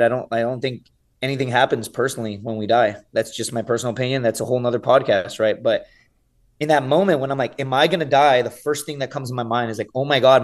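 A man in his thirties, a guest on a podcast, telling a story casually and with animation, swearing freely and often saying "dude" and "right?". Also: mid-range voice. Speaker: podcast guest, survival show contestant.

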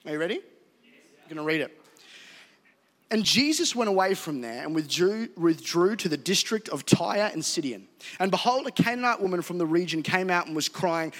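A man with an Australian accent preaching a live sermon as pastor, animated and jokey, laughing at himself. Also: sits high, moderate pace. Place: church hall. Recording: live hall reverb with faint music.

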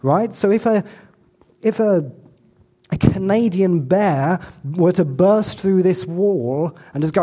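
A man's voice: high-pitched, lively intonation, measured pace, mellow. A man preaching a sermon in a church as pastor, earnest and direct, with playful asides and frequent restarts.

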